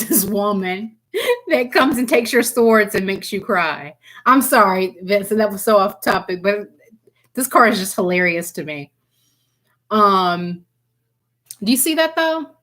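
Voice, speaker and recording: A woman's voice: medium pitch, a bit bright. Giggly woman reading tarot live. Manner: giggly, keeps breaking into laughter and apologizing; chatty, addresses viewers by name. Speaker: tarot reader.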